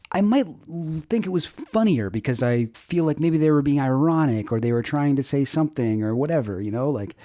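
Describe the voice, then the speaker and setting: Lively, animated man hosting comedy. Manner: animated, mock stand-up delivery with lively pitch swings. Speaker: comedy video host. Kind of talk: casual comedic commentary.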